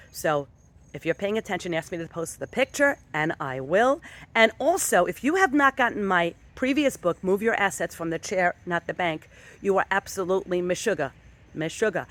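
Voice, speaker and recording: A woman giving a casual motivational vlog talk as a wellness and fitness motivator, animated and enthusiastic with sudden jumps in pitch, speaking outdoors on a dog walk.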